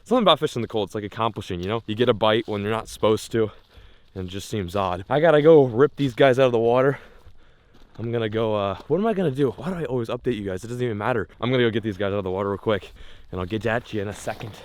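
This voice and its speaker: A young man vlogging while fishing outdoors in winter, talking excitedly to the camera as he reels in fish. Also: lowish voice, very fast, no room sound. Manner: excitable, exclaiming and laughing while reeling in fish. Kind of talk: casual on-camera fishing commentary.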